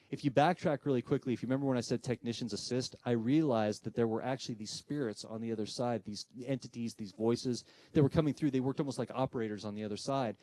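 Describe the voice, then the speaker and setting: A man's voice: medium pitch, dry recording. A man giving a live presentation to an audience, telling a story and acting out the voices in it. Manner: animated storyteller who acts out voices in quoted dialogue. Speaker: presenter giving a talk on spirit communication.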